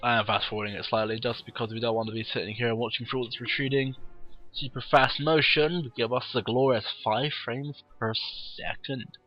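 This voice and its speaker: A man with a cold, casually commentating a game replay in a warm room at home with wry, rambling asides. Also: medium pitch, fairly even intonation, a little fast, dull audio, faint music behind. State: has a cold, sniffly.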